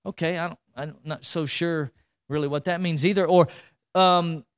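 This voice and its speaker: A man, preaching to his congregation in a conversational, animated way, repeating words and asking the room questions. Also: on the high side, normal speed, smooth. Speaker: pastor. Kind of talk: sermon.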